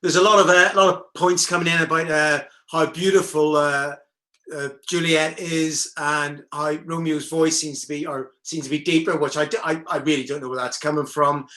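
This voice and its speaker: A man co-presenting in a relaxed, jokey way, a little halting as he reads out questions from viewers. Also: fairly high pitch. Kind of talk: casual chat. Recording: roomy echo.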